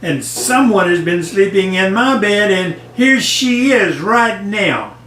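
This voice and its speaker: An older man voicing a small, fretful baby bear boy in a squeaky, whimpering storybook voice. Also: animated, takes it slowly, fairly bright tone, far from the mic, a little hiss or hum, full character voice. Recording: echoey room, voice off-mic.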